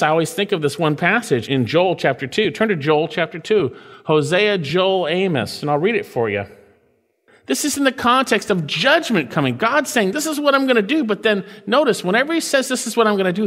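A man preaching a sermon, reading scripture slowly and with weight, swinging between raised, emphatic lines and low, hushed ones. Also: in a large hall. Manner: reads scripture aloud with slow, weighty emphasis. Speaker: pastor.

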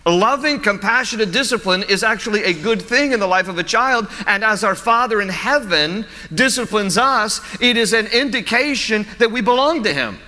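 Man, pastor, sermon, animated storytelling, bright voice, long hall echo. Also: high voice, moderate pace, few pauses. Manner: animated, storytelling with laughs and repeated restarts.

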